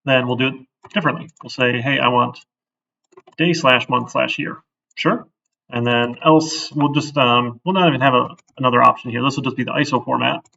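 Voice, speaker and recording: Gravelly man teaching code out loud. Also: mid-range voice, fairly even intonation, moderate pace. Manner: conversational, thinks aloud, often asks "right?". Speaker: programming instructor. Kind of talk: casual live-coding lecture. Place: classroom. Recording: distant, dull classroom recording.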